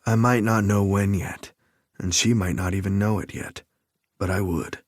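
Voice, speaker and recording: Low-voiced male audiobook narrator, dry sound. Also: fairly even intonation, moderate pace, no room sound. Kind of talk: first-person scripted narration.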